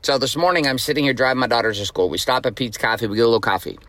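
A man's voice: medium pitch, racing, sharp tone, no room sound. Blunt, profane male podcast host. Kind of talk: motivational podcast monologue.

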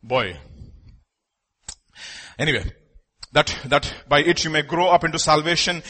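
Animated preacher, husky and bright. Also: male voice, on the high side, moderate pace. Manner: animated, rhetorical questions, repeats phrases. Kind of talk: sermon.

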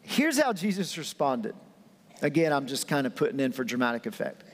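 A man's voice: medium pitch, very animated, brisk, in a large hall. A man preaching a sermon in a conversational, storytelling way, acting out scenes with his voice. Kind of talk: animated sermon.

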